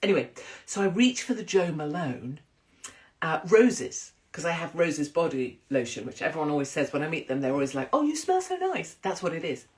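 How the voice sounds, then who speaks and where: A woman's voice: sits low, fairly quick, darkish tone. A woman in a casual monologue, telling blunt, profane, rambling stories. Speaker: commentator.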